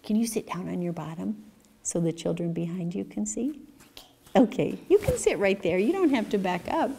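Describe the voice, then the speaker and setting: A woman with a mid-range voice and some vocal fry reads a picture book at normal speed during a community library story time, with a little hiss or hum in the recording. She's animated and sing-song and asks the children questions.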